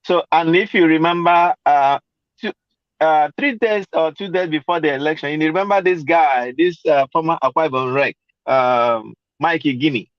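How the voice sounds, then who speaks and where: A man's voice: fairly high pitch, normal speed, no echo. A man, co-hosting a casual political discussion, explaining hesitantly with many fillers. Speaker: podcast co-host. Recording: dry, dull lo-fi audio.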